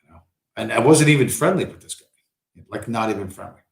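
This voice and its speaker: A man's voice: medium pitch, animated, brisk. A man rambling through a profane, meandering story on a casual livestream, often mimicking the people he quotes. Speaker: livestream host. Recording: echoey room.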